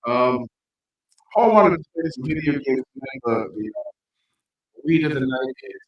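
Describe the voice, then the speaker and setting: A man's voice: medium pitch, lively intonation, unhurried, muffled recording. A man co-hosting a casual livestream, telling crude jokes loosely and laughing at his own punchlines. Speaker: stream co-host.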